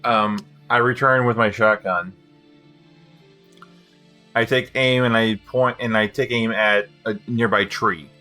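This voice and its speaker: A man's voice: lowish voice, fairly even intonation, unhurried, pauses often, pushed and bright, faint music behind. A man playing a tabletop game, speaking hesitantly and stumbling over his words. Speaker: player. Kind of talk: casual tabletop play.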